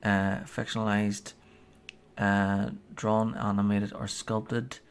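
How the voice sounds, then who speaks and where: Guy streamer, low gravelly voice, lots of ums and uhs, keeps chuckling while reading stuff out. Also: little pitch movement, takes it slowly, a little hiss or hum. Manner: hesitant, many fillers, chuckles often while reading. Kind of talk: casual livestream chat, reading a policy aloud.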